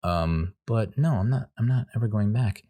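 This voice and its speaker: A man telling a comedic story in a casual, animated way, swearing freely and acting out the voices of other people. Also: lowish voice, normal speed. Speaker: comedy podcast host.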